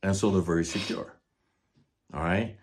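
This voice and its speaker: An older man with a very low voice talks in a casual monologue about horses and ranch life. He is folksy and plainspoken and repeats his points for emphasis. He runs the show on his own. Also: fairly even intonation, normal speed. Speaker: podcast host, rancher and horse trainer.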